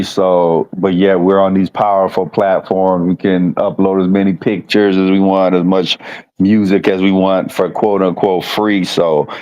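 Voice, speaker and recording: A man's voice: deep voice, a little mellow, low-quality recording. A man hosting a podcast, chatting casually and hesitantly, repeating words as he thinks. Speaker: podcast host.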